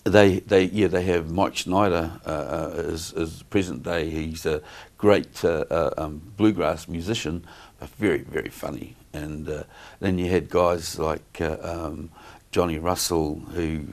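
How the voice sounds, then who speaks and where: A middle-aged man talks in a very low voice. He wanders through his stories, stopping and restarting often with plenty of ums. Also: steady tone, a little slow, creaky, a little mellow. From New Zealand. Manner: rambling, many fillers and restarts. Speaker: guest entertainer. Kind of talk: casual interview chat.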